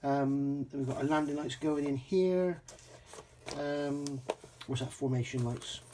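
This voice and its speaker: A man's voice: a little high, fairly even intonation, a little slow, background noise. A man from England casually reviewing a scale model kit, chatty with frequent ums and self-corrections.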